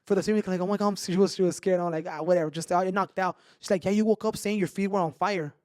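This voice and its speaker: Brief: animated male podcaster, quick high voice, swears freely. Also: no echo. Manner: animated, swears a lot, mixes in Spanish slang. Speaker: podcast host. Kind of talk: casual storytelling chat.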